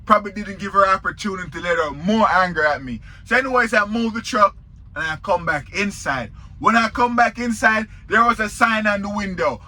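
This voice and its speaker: A man's voice: high-pitched, brisk, bright, forceful tone. A man with a Jamaican accent, a truck driver telling a story in a casual vlog, talking straight to viewers.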